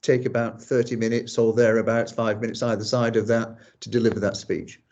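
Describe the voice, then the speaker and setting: A man's voice: mid-range voice, level tone, brisk, darkish tone. A man, a barrister, speaking politely and deferentially at a formal inquiry over a video call. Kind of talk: formal hearing remarks. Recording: dull lo-fi video call audio.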